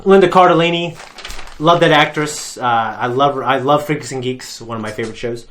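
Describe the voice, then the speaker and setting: A man's voice: mid-range voice, brisk, fairly bright tone, a little hiss or hum. A man, hosting a casual reaction-show chat and telling stories with lots of laughter and fillers. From Ohio. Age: adult parent. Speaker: reaction channel host.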